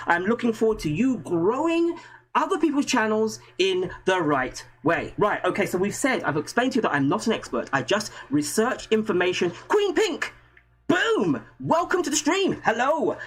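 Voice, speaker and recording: A man's voice: high voice, lively intonation, normal speed. A man hosting a casual livestream from home, chatty and jokey, rambling and greeting viewers by name. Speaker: livestream host. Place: home room with a green screen.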